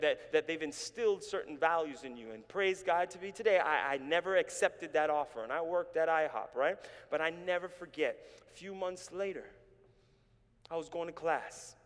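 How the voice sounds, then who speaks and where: Man preaching a sermon, slightly high-pitched, animated and engaging the crowd, recorded in a reverberant church. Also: normal speed. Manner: animated storytelling, calls on the congregation to respond. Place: church sanctuary.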